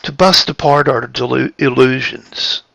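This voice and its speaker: A man giving a reflective spiritual talk, halting and repeating his phrases, shifting his tone of voice for emphasis. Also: mid-range voice, creaky, pushed and bright, dry recording. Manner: plays with tone of voice for emphasis. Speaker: spiritual speaker.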